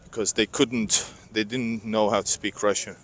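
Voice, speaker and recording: Walking a city street in winter, a vlogger rambles chattily to his viewers on a clip-on mic, calling them "guys" in a casual live street vlog. His voice sits on the low side, steady and fairly bright, at a moderate pace.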